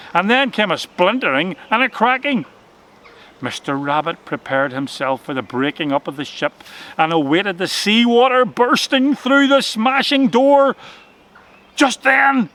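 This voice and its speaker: Male children's-story narrator, expressive and dramatic, bright tone. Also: high voice.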